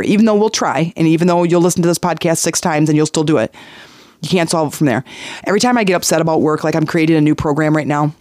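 A man's voice: fairly high pitch, a little fast, dry recording, studio quality. A man hosting a motivational podcast as a life coach, speaking earnestly and repeating key phrases for emphasis. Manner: animated storytelling with acted-out voices.

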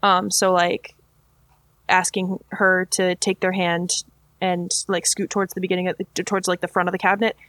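A woman's voice: fairly low pitch, level tone, moderate pace, a bit bright, dry recording. A woman playing a tabletop game, speaking casually and hesitantly with many fillers. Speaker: player.

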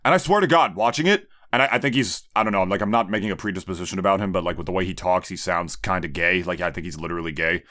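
A man's voice: low-pitched, rapid-fire, few pauses, pushed and bright. A man co-hosting a podcast in casual chat, joking crudely and laughing often. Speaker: podcast co-host.

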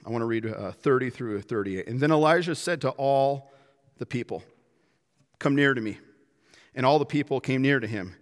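A man preaching a sermon in a dramatic way, acting out quotes and swinging from loud to hushed. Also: mid-range voice, brisk, big-room sound. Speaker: pastor.

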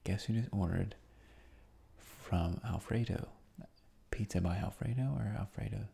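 A man hosting a sleep podcast, recapping in a relaxed, rambling way that often drops into a whisper. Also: on the low side, moderate pace, creaky, breathy edge. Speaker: podcast host.

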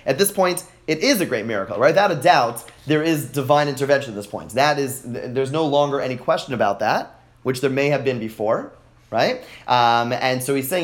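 Man, teacher, animated classroom text study, reads verses and translates, praises students. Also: medium pitch, fast talker.

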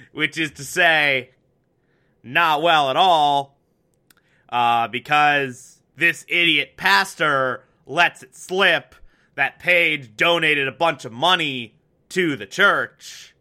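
A man's voice: on the high side, pushed and bright, clean tone. A young man casually recapping a TV episode, chatty and wry, with lots of fillers. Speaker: TV show recap host.

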